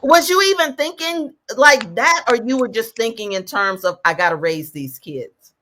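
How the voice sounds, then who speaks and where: A woman who is a life coach, talking as a podcast guest in an animated, emphatic way. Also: fairly high pitch, normal speed, slight background noise. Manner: animated, emphatic, laughs easily. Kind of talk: casual podcast conversation.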